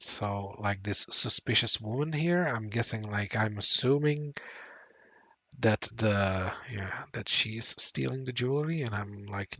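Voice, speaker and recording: A man's voice: lowish voice, measured pace, a bit bright, no echo. A man streaming a game, thinking aloud and reading on-screen choices with lots of fillers. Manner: thinks aloud, reads game text, frequent fillers and laughs. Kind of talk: casual live-stream commentary.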